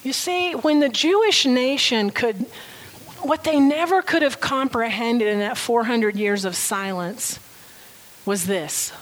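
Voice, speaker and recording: A woman's voice: high voice, fairly bright tone, low-quality recording. A woman preaching a sermon in an earnest, emphatic way, leaning on key phrases.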